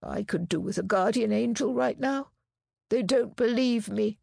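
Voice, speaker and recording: A woman's voice: a little high, normal speed, vocal fry, mellow, dry recording, voice pushed up. A weary, prickly middle-aged man, acted by a woman reader in an audiobook. He answers curtly and wearily, with a snap under it. The sound is close and dry. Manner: weary, curt, snappish.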